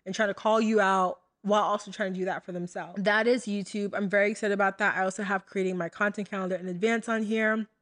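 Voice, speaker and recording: Talking fast with few pauses, this young woman from the United States hosts her own podcast in a medium-pitched, fairly even voice. Her chatty solo talk to listeners is packed with fillers and asides.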